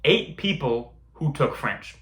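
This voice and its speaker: A man's voice: medium pitch, big pitch swings, takes it slowly, fairly bright tone. Rambling young man telling stories in an echoey room. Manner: rambling, profane, laughs at own stories. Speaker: vlogger. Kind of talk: casual storytelling. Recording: echoey room with faint music.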